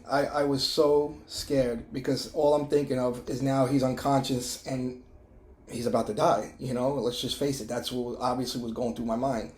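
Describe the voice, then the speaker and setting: A middle-aged man sharing a personal testimony in an emotional, halting way, with many restarts and fillers. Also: mid-range voice, a little mellow, reverberant. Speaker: testimony vlogger.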